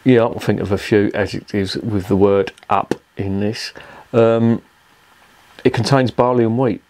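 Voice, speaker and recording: A man's voice: on the low side, fairly even intonation, measured pace, darkish tone. A man reviewing a beer in a rambling, profane, exasperated rant. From England. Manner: swears constantly, rambling and exasperated.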